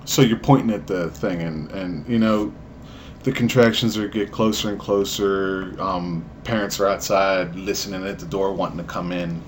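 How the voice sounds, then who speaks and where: A young man vlogging at home, telling a story with animated delivery and acted-out voices. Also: moderate pace, a little hiss or hum. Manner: animated, acts out voices, jumps high in pitch for emphasis.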